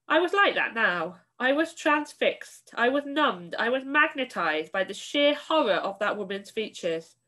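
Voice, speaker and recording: Woman teacher, expressive storybook reading, online lesson, mid-range voice. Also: medium pitch. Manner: expressive storytelling, then clear instruction. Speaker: primary school teacher.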